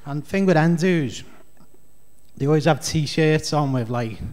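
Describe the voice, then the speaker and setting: A man's voice: fairly high pitch, measured pace, a little mellow. A man with a Scouse accent doing a rambling, chatty stand-up comedy set on a club stage. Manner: rambling, chatty, heavy on fillers.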